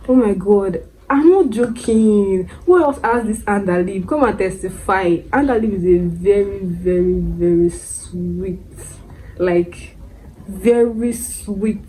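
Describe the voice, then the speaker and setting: A young Nigerian woman talking casually to camera in an expressive way, repeating words for emphasis and laughing often. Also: mid-range voice, a little hiss or hum, poor audio. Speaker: beauty vlogger.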